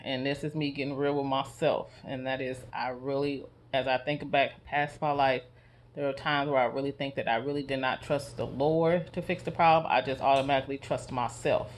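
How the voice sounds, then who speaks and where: Earnest, halting man vlogging. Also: mid-range voice, level tone, a little hiss or hum. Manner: soft-spoken, halting, earnest and confessional. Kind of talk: personal reflective vlog.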